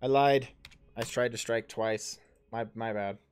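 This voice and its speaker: A man's voice: on the low side, monotone, a little slow, smooth. A man in his thirties narrating a tabletop game as game master and player, rambling with many ums and self-corrections, and swearing casually. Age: 30s.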